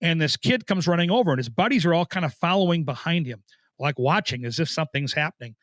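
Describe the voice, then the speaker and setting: A middle-aged man, a former hockey coach, telling animated and self-deprecating stories about his coaching days in a relaxed, conversational way. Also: a little high, quick pace, no echo. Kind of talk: conversational storytelling.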